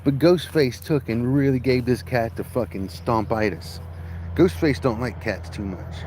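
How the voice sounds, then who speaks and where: Crude joking farm guy just rambling, normal pitch, some faint outdoor noise. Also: measured pace, a little mellow. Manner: crude, joking, rough-spoken. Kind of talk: casual rambling storytelling.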